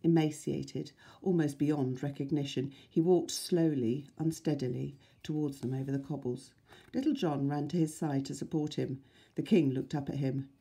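A woman teacher, reading a children's book aloud to her class in a friendly, expressive way. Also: low-pitched, normal speed, gravelly, husky.

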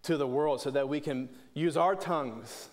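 Man, church sermon, earnest, repeats himself, slightly high voice. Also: normal speed. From Pittsburgh, USA. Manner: earnest, many restarts and repeated words. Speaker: preacher.

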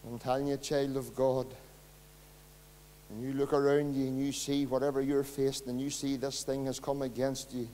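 A man preaching a sermon as pastor, swinging between loud impassioned passages and quiet low ones. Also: little pitch movement, normal speed, a little hiss or hum. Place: church hall. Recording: long hall reverb.

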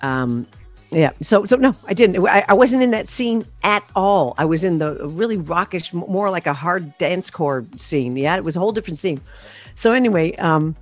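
A woman singer telling stories about her career in a casual interview, animated, with many fillers and restarts. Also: on the low side, normal speed, no echo, faint music behind.

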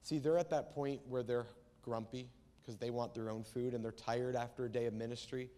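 A male pastor preaching in an easy, talky way, slipping into voices for the figures he quotes. His voice sits at an ordinary pitch for a man. The sound rings with the long reverb of a church hall. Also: fairly even intonation, fairly quick, mellow. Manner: conversational preaching, acts out Bible quotes. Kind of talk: sermon. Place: church sanctuary.

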